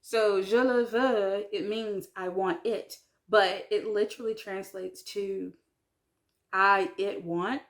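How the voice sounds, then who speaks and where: A woman's voice: medium pitch, fairly even intonation. Chatty woman learning French. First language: English. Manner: chatty, self-deprecating, many ums and likes, slow careful French words. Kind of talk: casual talk to camera.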